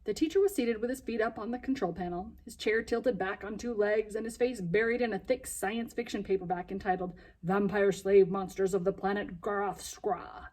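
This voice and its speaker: A woman reading a children's novel aloud in a lively, expressive way, with a husky voice. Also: medium pitch, moderate pace, hardly any pauses.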